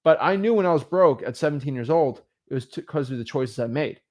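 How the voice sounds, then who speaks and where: The co-host of a real estate livestream coaches viewers in a motivational talk, his voice on the high side and his pace brisk. He's animated, acts out quoted dialogue, and leans often on "right?" and "like".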